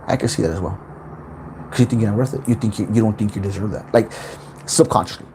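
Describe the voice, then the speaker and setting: A man's voice: lowish voice, quick pace, background noise. A man hosting a casual spiritual self-help livestream from home, rambling, repeating words and swearing freely.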